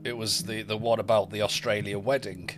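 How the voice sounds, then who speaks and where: A man's voice: on the low side, little pitch movement, fairly quick, soft background music. A man playing a tabletop game, making offhand jokes. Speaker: player.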